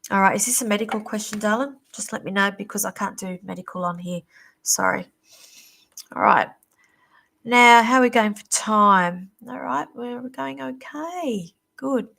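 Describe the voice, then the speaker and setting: A woman hosting a live-stream psychic reading, chatty and reassuring, calling viewers darling, her voice going a little hoarse. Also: medium pitch, normal speed, sharp tone. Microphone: computer or phone mic on a live stream.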